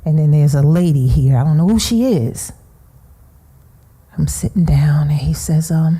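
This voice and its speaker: Hushed, grieving woman with a dark, husky voice. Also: sits low. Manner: slow, halting, often dropping to a hushed whisper. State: grieving, emotional. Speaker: seminar speaker. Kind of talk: personal testimony talk.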